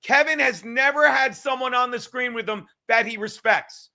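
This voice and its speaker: A man's voice: very high voice, normal speed, gravelly, bright, forceful tone. A man hosting a livestream, ranting and mocking in a profane, combative way. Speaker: livestream host.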